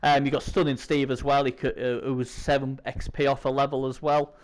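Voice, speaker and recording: A man's voice: mid-range voice, level tone, brisk. A man hosting a casual gaming preview chat, his voice strained by a sore throat, rambling with lots of fillers. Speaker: host.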